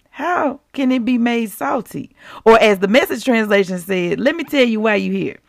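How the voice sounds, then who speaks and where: Lively, gravelly-voiced woman preaching. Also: a little high, dry recording, clean studio sound. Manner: animated, conversational preaching with scripture reading. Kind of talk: sermon.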